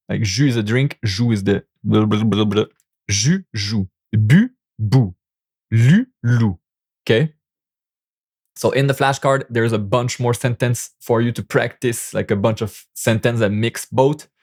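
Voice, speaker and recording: A man's voice: medium pitch, steady tone, normal speed, darkish tone. A young man from Quebec with a Québécois French accent, a native French speaker teaching pronunciation in a casual spoken lesson, repeating each sound many times. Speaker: language teacher.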